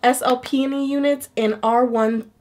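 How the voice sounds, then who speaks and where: A woman's voice: sits high, fairly even intonation, measured pace, a little mellow. Nasal-sounding woman vlogger with a fever. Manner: chatty, playful, swears casually. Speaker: beauty vlogger. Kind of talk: casual wig review.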